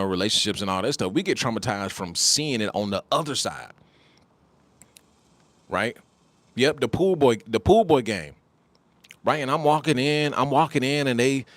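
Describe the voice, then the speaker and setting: A man spins a casual personal story in an animated, repetitive way, often turning to the listener as "bro". His voice sits at a middling pitch. The sound is dry and close, with no room around it. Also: dry recording. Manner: animated, repeats phrases, addresses listeners as bro. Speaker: commentator telling a personal story.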